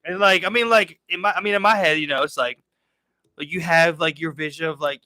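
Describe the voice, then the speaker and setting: Man, Baltimore accent, fast excitable talk, dry close sound. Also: a little high, no echo. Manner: excitable, profane, quick back-and-forth. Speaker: podcast co-host. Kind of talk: casual chat.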